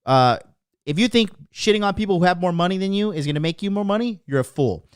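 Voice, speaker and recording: A man's voice: sits high, animated, quick pace, smooth, no room sound, studio quality. Emphatic, profane male live-stream host. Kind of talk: live-stream casual talk.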